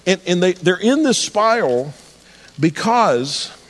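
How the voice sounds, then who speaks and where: A man's voice: high-pitched, very animated, takes it slowly, in a large hall. A man preaching a sermon as pastor, earnest, often repeating and restarting his words as he builds each point. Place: church sanctuary.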